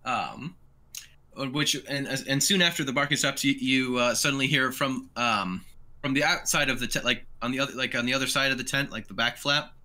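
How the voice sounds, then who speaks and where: A man's voice: medium pitch, brisk, sharp tone. A man narrating a tabletop game as game master, rambling with many fillers.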